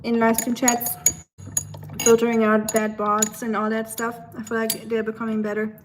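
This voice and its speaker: A woman's voice: on the high side, monotone, moderate pace, background noise. A young woman from Germany's Black Forest with a German accent, chatting casually with viewers on a livestream and reading their comments, with lots of fillers. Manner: chatty, switches between English and German, many fillers. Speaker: livestream host.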